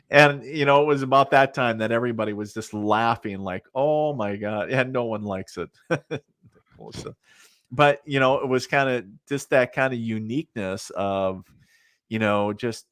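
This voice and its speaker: A man's voice: medium pitch, expressive, a little slow, a bit bright, no room sound, clean studio sound. A middle-aged man, a psychic medium, chatting as a podcast guest and telling rambling stories full of fillers. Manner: rambling, many fillers, laughs at his own stories. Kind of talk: casual storytelling in a podcast interview.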